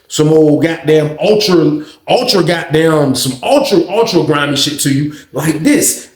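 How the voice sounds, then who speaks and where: A man telling a casual storytime monologue, cursing and acting out the voices of the people in his story. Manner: animated, acts out voices with big pitch jumps, heavy slang and cursing. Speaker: storyteller host. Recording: roomy echo.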